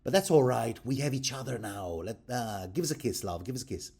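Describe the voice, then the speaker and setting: A man's voice: medium pitch, lively intonation, fairly quick, vocal fry, darkish tone, husky. A man putting on a moody noblewoman, Lysa. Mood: cooing. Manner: cooing then suddenly threatening. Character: unstable middle-aged noblewoman, doting then menacing.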